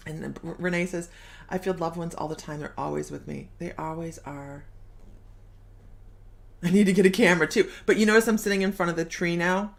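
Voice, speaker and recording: A woman's voice: lowish voice, fairly quick, creaky. A middle-aged woman hosting a casual live stream as a psychic medium, bubbly, laughing often and reading viewer comments aloud.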